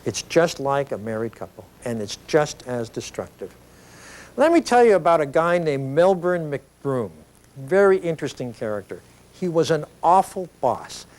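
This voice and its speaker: A middle-aged man giving an educational video lecture, explaining ideas in a conversational, animated storytelling way with frequent tag questions. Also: on the high side, moderate pace.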